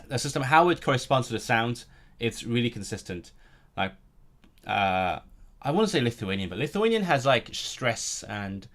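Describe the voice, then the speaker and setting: A man's voice: fairly low pitch, fairly bright tone. A man chatting casually on a live stream, rambling and restarting his sentences often. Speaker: language streamer.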